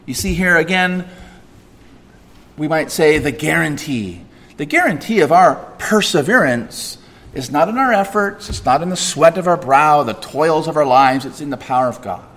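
A man preaching a sermon, swinging from loud emphatic peaks to soft quiet asides. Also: fairly high pitch, animated, normal speed, big-room sound. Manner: frequent fillers and restarts in asides. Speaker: pastor.

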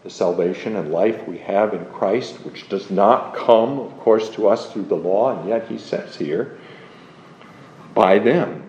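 Man, sermon, lowish pitch, warm dark tone, measured emphatic delivery, roomy dull recording. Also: slight background noise. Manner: slow, measured, emphatic with repetitions. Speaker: preacher. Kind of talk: sermon on a psalm.

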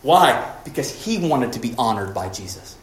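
A man's voice: mid-range voice, big pitch swings, moderate pace. Man preaching a sermon in an echoey room. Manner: preaching with rising emphatic peaks and quiet drops. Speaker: pastor.

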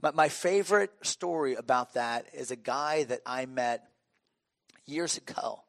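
A man's voice: medium pitch, measured pace, gravelly, a bit bright, no room sound. A middle-aged man preaching a sermon as a pastor, telling stories with humor and frequent restarts. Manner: conversational, humorous storytelling with restarts.

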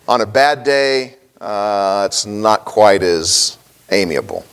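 A man's voice: lowish voice, lively intonation, takes it slowly, fairly bright tone, clean tone. A middle-aged man, a pastor, preaching a sermon in a folksy storytelling way, with many fillers and small chuckles.

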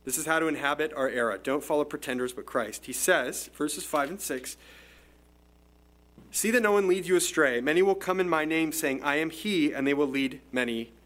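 A man's voice: fairly high pitch, normal speed, a bit bright. A man preaching an expository sermon in a conversational, explanatory way, often restarting phrases. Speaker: pastor.

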